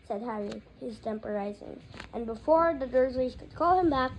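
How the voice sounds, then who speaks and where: A woman's voice: on the high side, lively intonation, normal speed, a little hiss or hum, low-quality recording. A woman reading a novel aloud, with occasional slips and restarts. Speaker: audiobook reader. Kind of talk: fan audiobook narration.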